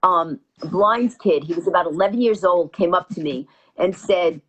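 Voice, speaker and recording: A woman from New York telling stories as an interview guest, quickly acting out every quoted line. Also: on the low side, a bit bright, husky, lo-fi sound. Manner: rapid anecdotal storytelling, acting out quotes. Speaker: interview guest, comedienne and author. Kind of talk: animated storytelling.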